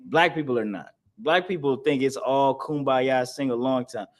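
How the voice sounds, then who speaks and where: Guy leading a bible breakdown class, keeps repeating himself for emphasis, laughs a lot, mid-pitched voice. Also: normal speed. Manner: emphatic, repetitive, laughs between points. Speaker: scripture class teacher. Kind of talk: preaching-style scripture lesson.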